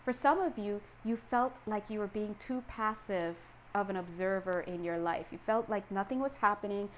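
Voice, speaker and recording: A woman giving a casual tarot reading, animated and playful, acting out little scenes and laughing often. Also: mid-range voice, normal speed, slight background noise. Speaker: tarot reader.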